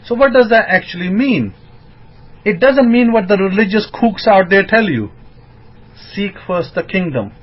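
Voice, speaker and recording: A man giving an informal sermon as a rabbi, emphatic and rising into excited bursts. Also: high voice, normal speed. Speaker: rabbi teaching. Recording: dull lo-fi recording.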